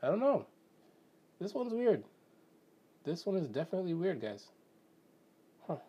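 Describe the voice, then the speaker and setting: A man's voice: high voice, very animated, a little slow, mellow, husky. A man from Canada talking casually and rambling on his own show, with lots of "right?" and little acted-out quotes. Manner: rambling, many fillers and self-questions, acts out quoted friends. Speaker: podcast host. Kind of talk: casual solo talk on self-help.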